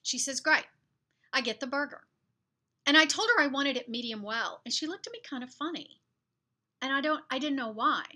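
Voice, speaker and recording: Southern lady in her 40s or so, bright voice, just chatting about her day on her vlog. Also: high voice, normal speed, long pauses. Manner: chatty, animated storytelling with fillers. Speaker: vlogger.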